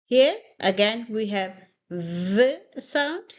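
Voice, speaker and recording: Female teacher, slow, drills pronunciation word by word; muffled lo-fi recording. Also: medium pitch, very animated. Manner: slow, repeats words for students to copy. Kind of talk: pronunciation lesson. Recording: dull lo-fi audio.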